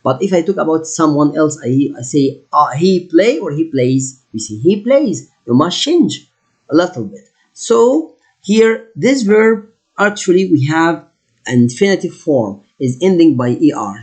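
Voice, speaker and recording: Husky teacher slowly spelling out French. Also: male voice, on the high side, sing-song, a little mellow. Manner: slow deliberate repetition of French words, halting English. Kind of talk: classroom lesson explanation.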